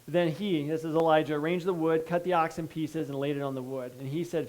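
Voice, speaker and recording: A male pastor preaching a sermon, reading scripture and breaking in with asides, moving between hushed pleading and loud emphasis. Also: a little high, fairly even intonation, a little fast, few pauses, poor audio. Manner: reads scripture then breaks in with asides and checks like "okay?".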